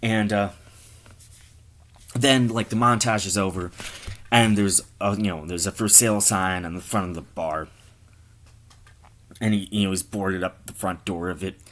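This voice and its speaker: A man's voice: sits low, steady tone, measured pace, pauses often, fairly bright tone, slight background noise. A man telling an improvised comic story in a rambling, profane, offhand way.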